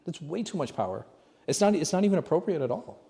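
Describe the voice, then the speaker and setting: A man's voice: on the high side, very animated, fast talker, vocal fry, warm tone. A man as an imam giving a conversational religious lesson, throwing rhetorical questions at his audience. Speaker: imam teaching a class. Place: large mosque hall. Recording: long hall reverb.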